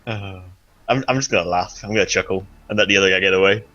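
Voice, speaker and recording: A man's voice: deep voice, fast, bright, forceful tone, lo-fi sound. A man playing a tabletop role-playing game, slipping into theatrical in-character lines. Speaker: player.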